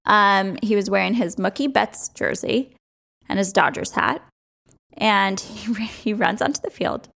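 A woman's voice: mid-range voice, unhurried, creaky, a bit bright. A young woman hosting a sports podcast, chatting casually with strong opinions and frequent laughs.

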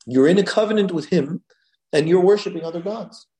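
A man giving a Torah lecture as a rabbi, animated and leaping higher when he voices God's words. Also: brisk. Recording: echoey room.

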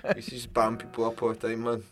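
A man's voice: medium pitch, fast talker, faint music behind. A man with a Scottish accent hosting a podcast in casual chat, telling stories with laughs and restarts. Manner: laughing, lively storytelling with restarts. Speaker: podcast host.

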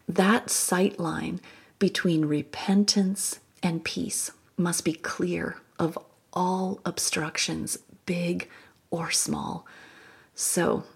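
A woman hosting a Christian podcast, telling a personal story in a soft, reflective way with breathy, whispered asides. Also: on the low side. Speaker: podcast host.

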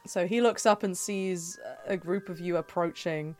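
A woman runs a tabletop game, describing scenes in a chatty, rambling way. She corrects herself often and fills pauses with ums, against faint music. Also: on the low side. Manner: chatty, self-correcting narration with fillers. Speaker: game master.

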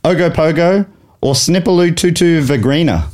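A man's voice: a little high, expressive, darkish tone. Australian man hosting a comedy quiz. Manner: reads trivia with mock drama, quick to laugh. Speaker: game show host. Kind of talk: comedy podcast banter.

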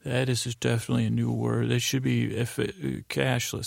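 A man hosts a podcast with a gravelly, creaky voice and a flat, monotone delivery. He rambles through a show recap, quoting characters without changing his voice. The recording is close and dry. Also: medium pitch, moderate pace, few pauses, no room sound. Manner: rambling, plain voice with many fillers, flatly quoting each character. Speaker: podcast host. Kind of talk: sleepy, meandering episode recap.

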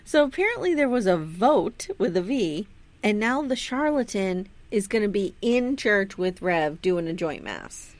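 A woman's voice: medium pitch, a little slow. A woman co-hosting a casual podcast, recapping a TV episode with laughter, swearing and acted-out quotes. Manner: animated, laughing, acts out quotes. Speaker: podcast co-host.

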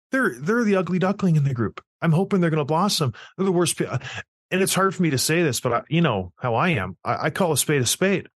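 A man's voice: a little high, expressive, brisk, fairly bright tone, slightly rough, no room sound, studio quality. A middle-aged man co-hosting a sports podcast, telling a blunt, self-mocking story in casual chat. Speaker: podcast co-host.

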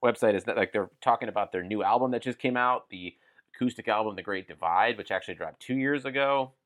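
A man's voice: lowish voice, fairly quick, fairly bright tone. A man co-hosting a comedy podcast, joking and reading text aloud in casual chat. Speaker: podcast co-host.

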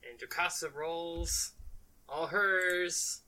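A woman narrating a tabletop role-playing game as game master, playful and quick to laugh. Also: on the low side, bright, forceful tone, rough recording. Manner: playful, laughs often, slips into quick character voices.

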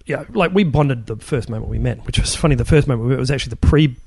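A man's voice: mid-range voice, lively intonation, fast talker, gravelly, darkish tone, breathy edge, no echo. A middle-aged man, a guest in a casual interview, rambling with many restarts as he recalls his work. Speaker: guest, film puppet and props builder.

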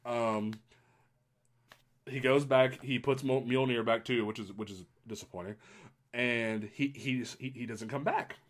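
A man talking in a casual podcast chat, mid-pitched and rambling. He gets excitable and keeps restarting his sentences. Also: measured pace. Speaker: podcast host.

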